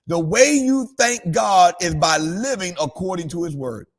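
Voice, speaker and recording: A man preaching a morning devotional livestream, shifting between calm scripture reading and excited exclamations. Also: high voice, unhurried, soft background music. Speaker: pastor.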